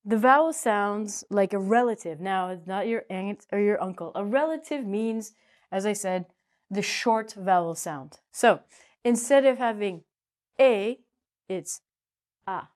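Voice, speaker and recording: A woman's voice: medium pitch, measured pace, a little mellow. A woman teaching English in a playful, chatty way, joking to herself as she explains. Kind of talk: casual spoken lesson.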